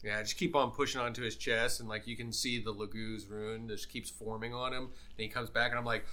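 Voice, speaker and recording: Very bright-toned male player. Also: mid-range voice, a little fast, hardly any pauses. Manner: relaxed, thinking aloud. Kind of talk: casual tabletop play.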